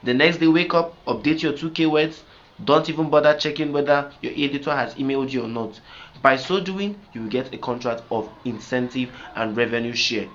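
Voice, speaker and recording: A man's voice: medium pitch, a little fast, fairly bright tone. A man coaching writers in an instructional talk, emphatic and repetitive, often checking whether listeners follow. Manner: emphatic, repetitive, asks "do you get me?". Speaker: writing coach. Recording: slightly dull lo-fi sound with faint noise.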